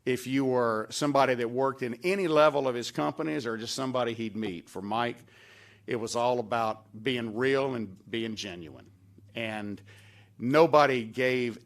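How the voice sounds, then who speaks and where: Gravelly older man telling folksy stories. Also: mid-range voice. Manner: folksy storyteller, acts out quoted lines with a raised voice. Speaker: former staff member giving a tribute speech. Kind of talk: anecdotal speech at a dedication event. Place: event hall at a podium.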